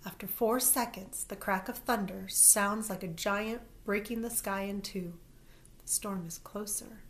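A woman narrating a first-person story as an audiobook, in a lively, expressive way. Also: mid-range voice, unhurried.

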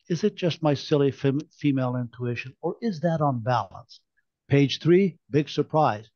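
A man's voice: mid-range voice, a little mellow, no echo, lightly acted. A biting, indignant woman activist, pressing her case with sarcastic questions, read by a man in his own voice. The sound is dull and lo-fi, as from an online call, and quite dry. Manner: sarcastic, pointed rhetorical questions.

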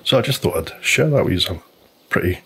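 A man's voice: low voice, animated, a little fast, a bit bright, breathy edge. A man casually telling a long, rambling story while commenting on a golf video game. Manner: chatty storyteller, loose and informal, many restarts.

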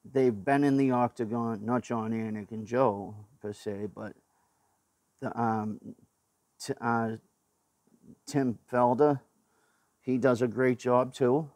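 A man's voice: mid-range voice, steady tone, takes it slowly, pauses often, darkish tone, no echo. A man with a Boston accent hosting his own show, ranting blunt and profane opinions in a rambling way, full of fillers and restarts. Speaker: show host. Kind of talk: casual opinion rant to camera.

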